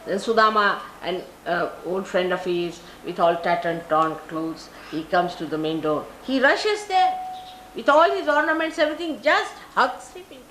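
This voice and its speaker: Expressive and fairly bright in tone, an older Indian woman with a mid-range voice and an Indian English accent speaks at a moderate pace. As a spiritual teacher, she tells stories in her spiritual talk, acting out those she quotes. The recording is a roomy archival live one with a little hiss or hum.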